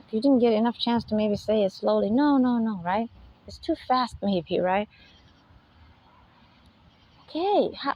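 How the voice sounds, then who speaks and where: Gravelly woman lecturing emphatically. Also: fairly high pitch, no echo, muffled recording. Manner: emphatic, rhetorical questions, frequent laughs. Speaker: spiritual talk host. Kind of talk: unscripted spiritual lecture.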